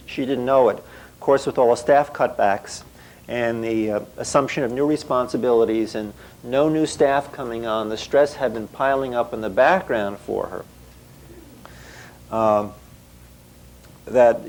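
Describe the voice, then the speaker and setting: A man's voice: mid-range voice, a little mellow, poor audio. A male psychotherapist recounting a clinical case as a story and acting out the dialogue.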